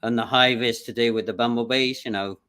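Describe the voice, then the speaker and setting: Easygoing male interview host, smooth voice. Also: mid-range voice, steady tone, a little fast, bright, forceful tone. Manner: easygoing, encouraging, chatty. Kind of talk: casual interview chat.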